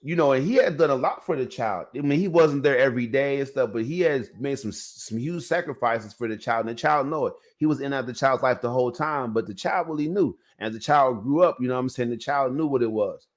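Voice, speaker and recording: A man's voice: medium pitch, brisk, few pauses. Man, podcast host, casual storytelling, slangy, rambling, addresses viewers.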